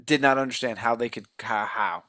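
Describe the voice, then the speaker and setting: A man's voice: medium pitch, brisk, sharp tone, no room sound, clean studio sound. A man co-hosting a podcast, casually recapping a horror movie's plot in a rambling, joking way. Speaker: podcast co-host. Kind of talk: casual movie review chat.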